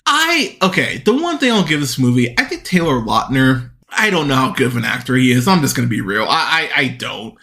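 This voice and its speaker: Hosting a movie podcast alone, a man tears into bad films with profanity and exasperation, frequently starting his sentences over. His mid-range voice sounds pushed and bright.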